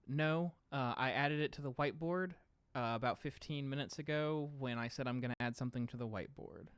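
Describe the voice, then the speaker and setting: A man hosting a casual livestream from home, talking in a relaxed, rambling way with lots of filler sounds. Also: mid-range voice, brisk, clear, resonant tone, dry recording. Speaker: podcast host streaming live.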